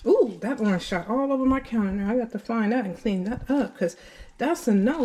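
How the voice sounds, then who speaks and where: Her voice fairly high and a little fast, a woman tells stories to her viewers while cooking at home, recording on a handheld phone camera. The vlog is casual, chatty and animated, spoken directly to the audience.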